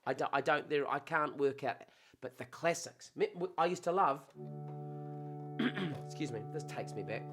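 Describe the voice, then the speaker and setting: A man hosting a casual, playful monologue, rambling warmly between jokes and memories. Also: on the high side, moderate pace, long pauses, slightly rough, soft background music. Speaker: host.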